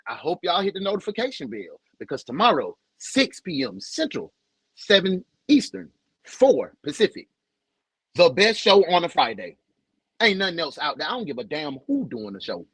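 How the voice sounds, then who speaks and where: A man's voice: on the high side, a bit bright, breathy edge, no echo, poor audio. A young man with a Southern US accent, hosting a casual livestream in a loose, joking, slangy way and greeting viewers by name. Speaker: livestream host.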